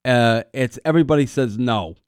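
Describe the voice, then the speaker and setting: A man's voice: medium pitch, moderate pace, smooth, dry recording, studio quality. A middle-aged man hosting a call-in radio show, talking in a rambling, chatty way with lots of fillers and restarts, and now and then a cough. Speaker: radio host. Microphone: studio microphone.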